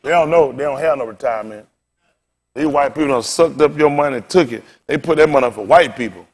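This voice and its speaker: A man's voice: mid-range voice, fast. A man in his fifties preaching to his congregation, tired and frustrated, firing off rhetorical questions and repeating phrases with sudden rises and drops in force. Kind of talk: impassioned sermon to a congregation.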